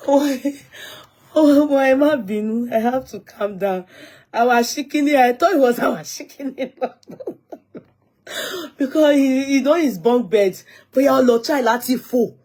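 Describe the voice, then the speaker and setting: A woman's voice: sits high, measured pace, darkish tone. A young Nigerian woman with a Nigerian accent telling casual stories in a vlog, often laughing and mixing English with Yoruba. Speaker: vlogger. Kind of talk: casual storytelling.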